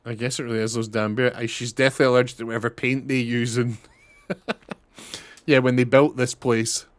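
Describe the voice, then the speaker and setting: A man's voice: mid-range voice, level tone, moderate pace, no room sound. A young man giving casual, chatty commentary on a game he is playing, swearing and laughing often. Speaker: streamer.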